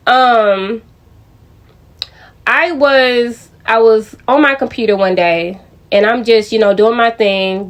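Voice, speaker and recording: A young adult woman telling a personal story to her viewers in a casual, chatty way, often addressing them directly. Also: mid-range voice. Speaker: vlogger.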